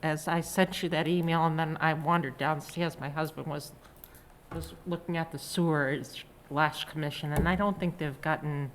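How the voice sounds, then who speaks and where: A woman's voice: low voice, steady tone, moderate pace, slight background noise. A woman on a town commission raising a point at a meeting, tentative and trailing off. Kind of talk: public meeting discussion.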